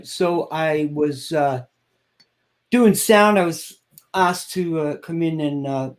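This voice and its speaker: A middle-aged man from Ireland, a guest singer telling a story in an interview and acting out the people he quotes. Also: on the high side. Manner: animated storyteller, acts out quoted voices.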